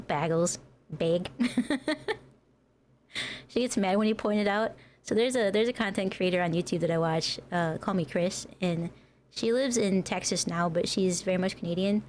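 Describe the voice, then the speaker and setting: A woman's voice: medium pitch, brisk, a little mellow. Giggly american lady chatting on her vtuber stream, laughs a lot, bit of background noise. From United States. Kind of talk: casual livestream chat.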